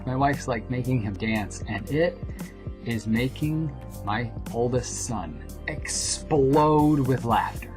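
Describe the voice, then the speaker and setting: A young adult man reading his own poem quietly, then telling a family story in a rambling, animated way. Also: takes it slowly. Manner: quiet, low reading of the poem, dropping to a whisper at line ends. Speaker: vlogger and poet. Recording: music playing behind the voice.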